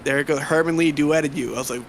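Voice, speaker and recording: A man from New Jersey telling a story in a casual podcast chat, animated, laughing and swearing freely. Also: fairly high pitch, fast talker, a crowd in the background. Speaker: guest guitarist.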